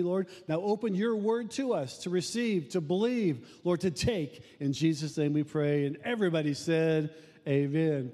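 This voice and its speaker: A man's voice: high voice, mellow. A male pastor preaching a sermon in an emphatic, repetitive preaching cadence. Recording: reverberant room sound.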